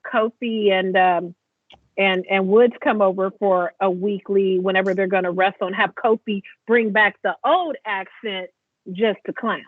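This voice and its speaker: A woman's voice: mid-range voice, no echo. A woman co-hosting a wrestling podcast remotely, sarcastic and opinionated in casual chat. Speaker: podcast co-host. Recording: tinny phone line, dry.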